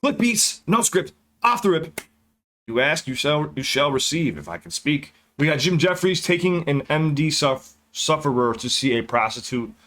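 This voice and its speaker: A man hosting a casual reaction video, rattling through his intro in rapid-fire patter like an auctioneer. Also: a little high, expressive, a bit bright.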